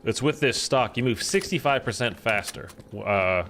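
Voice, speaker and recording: A man's voice: medium pitch, lively intonation, moderate pace, a crowd in the background. A man streaming a game, chatting and rambling to his viewers. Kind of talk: casual gameplay chat. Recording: game noise behind the voice.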